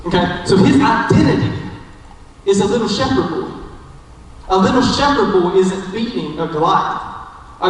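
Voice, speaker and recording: A young man preaching a casual sermon, telling the story in a chatty way and checking in with listeners with "okay?". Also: sits high. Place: church hall. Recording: echoey hall from far off.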